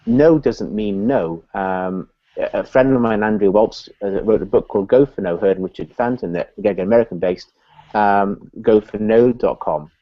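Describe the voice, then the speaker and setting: A man, a business consultant guest on a live video chat, telling lively anecdotes and acting out the voices of people in them. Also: lowish voice, dry recording, muffled recording. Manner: animated, acts out voices in his anecdotes.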